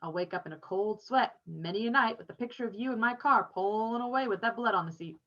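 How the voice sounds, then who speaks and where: A friendly, chatty older man who teases a boy kindly, as a woman reading a storybook puts him on. His voice sits at an ordinary pitch. The recording sounds a little dull and lo-fi. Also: fast talker, a bit bright, close to an everyday voice. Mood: teasing. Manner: teasing, chatty.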